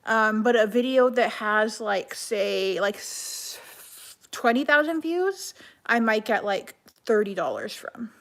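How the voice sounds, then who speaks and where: A woman talks off the cuff on a live stream, answering viewer comments one after another. Her voice sits a little high, and her speech is loose and chatty, full of "like" and quick restarts. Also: lively intonation. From Canada. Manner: chatty, heavy use of "like", quick self-corrections. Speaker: livestreamer reading comments. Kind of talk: casual live-stream chat.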